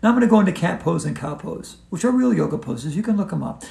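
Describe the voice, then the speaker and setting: Gravelly high-voiced man leading playful yoga. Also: sing-song, fast. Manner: whimsical, gently encouraging. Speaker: yoga instructor. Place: hotel room. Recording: roomy echo.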